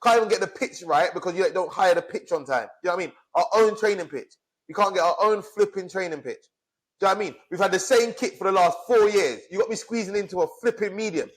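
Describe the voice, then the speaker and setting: A man tears through an angry rant at a rapid clip. His voice sits notably high, and he curses freely and keeps pushing his point as a podcast co-host. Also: husky. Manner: angry, swearing, fired up. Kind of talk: heated casual rant.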